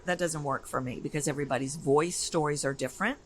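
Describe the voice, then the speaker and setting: A woman's voice: deep voice, moderate pace, hardly any pauses, rough recording. A woman, a voice coach being interviewed, talking energetically and emphatically in a casual conversation. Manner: energetic, emphatic, animated storytelling. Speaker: voice coach guest.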